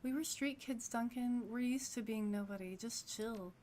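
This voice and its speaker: A woman's voice: on the high side, moderate pace, a little mellow, a little hiss or hum, natural voice. A woman playing a blunt, offhand elf street samurai. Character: laid-back female elf street samurai.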